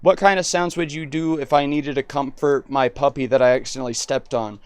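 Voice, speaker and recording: A man on a live stream chatting with an AI, excitable and rambling, often cutting in. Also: mid-range voice, a little fast, clear, resonant tone, no echo.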